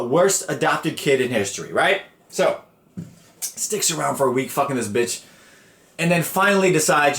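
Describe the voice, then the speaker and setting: A man hosting a podcast, ranting through a story with profane, slangy energy. His voice sits a little high. The room gives it a noticeable echo. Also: a bit bright. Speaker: podcast host. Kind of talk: casual storytelling rant.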